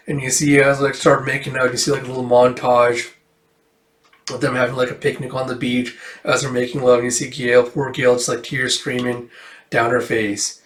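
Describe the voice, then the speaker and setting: A man's voice: medium pitch, monotone, normal speed, reverberant. A man casually retelling a comic book, rambling loosely and packed with fillers. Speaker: comic book reader and reviewer. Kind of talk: casual comic read-through.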